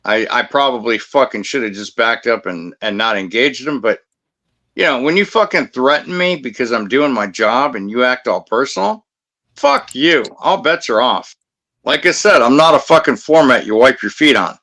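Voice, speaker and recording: A man in his fifties with a bright, forceful voice, telling a story bluntly and with plenty of swearing. He talks in a combative, no-nonsense way, like a security guard recounting a confrontation. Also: medium pitch, expressive, moderate pace. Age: 50s. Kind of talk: casual storytelling on a talk show.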